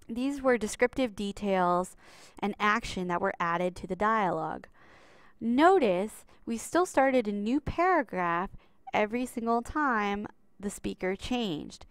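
Chatty woman teacher going over slides, smooth clear voice, dry close sound. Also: mid-range voice, a bit bright, dry recording. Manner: chatty, upbeat, addresses students as lovelies. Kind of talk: recorded writing lesson over slides.

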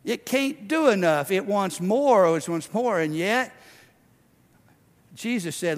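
A man's voice: high voice, expressive, slow pace, long pauses. Impassioned male preacher in a reverberant hall. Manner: impassioned preaching, swinging from loud to hushed. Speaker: pastor. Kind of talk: sermon.

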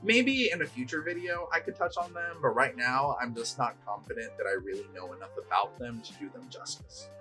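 Bright, lively man narrating a video essay. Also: mid-range voice, fairly quick, hardly any pauses, faint music behind. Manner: lively, explanatory. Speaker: YouTube host.

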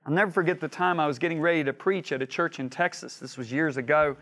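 A man with a notably high voice teaches a Bible lesson through lively storytelling. He acts out the voices of the people in his stories and drives his points home by repeating phrases. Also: fast. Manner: animated storyteller who acts out quoted voices; builds emphasis by repeating phrases.

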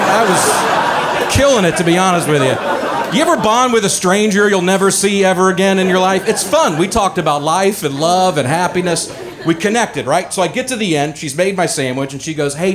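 A man's voice: sits high, lively intonation, a little fast. A man from Alabama with a Southern accent, telling a self-mocking stand-up story. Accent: Alabama Southern American. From Alabama, USA. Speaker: stand-up comedian. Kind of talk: stand-up set. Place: comedy club stage. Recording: live stage set with laughing crowd.

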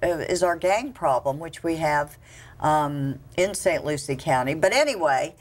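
A woman's voice: low voice, lively intonation, unhurried. A woman hosting a local talk show interview, chatty, restarting her questions often. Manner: chatty, frequent restarts and fillers. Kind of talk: casual interview.

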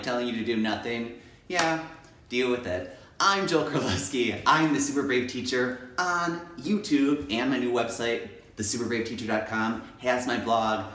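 A man who teaches kindergarten, talking to camera in an energetic, playful and emphatic way. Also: mid-range voice. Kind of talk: enthusiastic video talk to camera. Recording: echoey room, mic at a distance.

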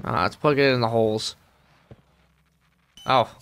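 Here a let's play gamer speaks medium-pitched, a bit slowly and smoothly, dropping below his natural register. In character as a grumpy, worn-out middle-aged male squid, he mutters sarcastic, deadpan commentary while playing.

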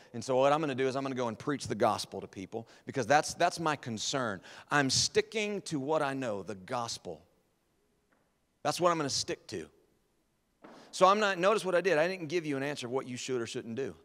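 Evangelist guy preaching, big ups and downs in pitch, church hall echo. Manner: dramatic preaching, swings from loud to hushed. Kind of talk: sermon. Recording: long church hall reverb.

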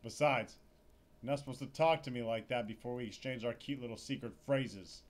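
A man's voice: mid-range voice, fairly quick, lightly acted. A man doing a foul-mouthed dorky agent. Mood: irritated. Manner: abrasive, swearing, shouting. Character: rude, crude young male secret agent.

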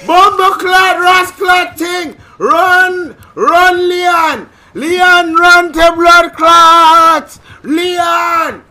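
A man putting on a mock Jamaican patois voice, yelling frantically in panic during a game. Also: very high-pitched, steady tone, very slow, hardly any pauses, voice pushed up, heavily acted. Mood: panicked yelling. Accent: put-on Jamaican. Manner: frantic shouting, swearing.

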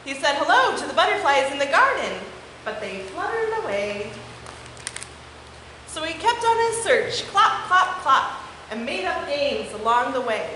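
A woman's voice: sits high, sing-song, unhurried, bright, forceful tone. A young woman leading a children's message at a church service, encouraging the kids and reading a picture book aloud. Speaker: children's time leader. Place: church sanctuary. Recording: echoey sanctuary with background noise.

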